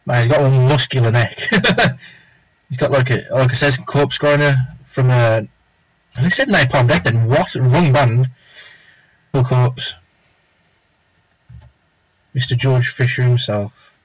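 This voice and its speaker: A man's voice: mid-range voice, slow pace, pauses often, dry recording, poor audio. A young man chatting casually and rambling as he draws live on stream, muttering to himself now and then. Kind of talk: casual chat while drawing.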